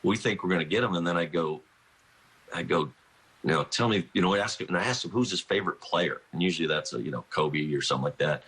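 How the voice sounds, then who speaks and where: A man's voice: low voice, fast talker, a bit bright, husky. A middle-aged man, a college basketball coach, telling rambling anecdotes in a radio interview, often restarting sentences and laughing. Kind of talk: phone-in radio interview, storytelling.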